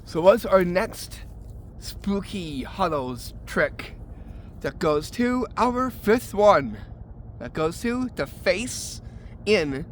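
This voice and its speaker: A man with a high voice talks slowly and deliberately as he hosts a prank vlog out in the woods. He puts on theatrical, spooked reactions to sell each trick. Faint outdoor noise sits behind him. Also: animated. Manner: theatrical, acts spooked and shocked in the demonstrations. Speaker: video host showing Halloween pranks. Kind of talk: casual how-to vlog.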